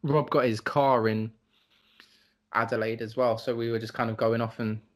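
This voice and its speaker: Young male podcast co-host, middle pitch, easygoing rambling storyteller who swears casually. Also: fairly even intonation, normal speed. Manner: laid-back storytelling, swearing, acts out voices. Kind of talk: casual chat.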